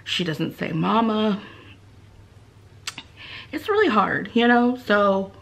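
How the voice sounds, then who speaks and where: Woman beauty vlogger, unhurried delivery, candid confiding chat. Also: medium pitch, very animated, vocal fry, a bit bright. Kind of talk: casual vlog chat.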